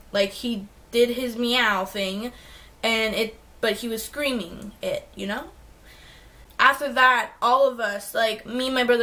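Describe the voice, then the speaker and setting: A woman's voice: fairly high pitch, pushed and bright. A young adult woman vlogging, telling a long story casually and filling her talk with "like". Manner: rambling, heavy use of "like" fillers.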